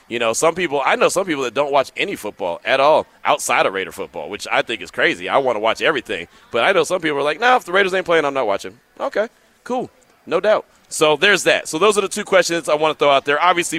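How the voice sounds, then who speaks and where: A man hosting a sports radio show live from a sports bar, telling stories in animated casual slang. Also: mid-range voice, dry recording. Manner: animated storytelling, drawling slang.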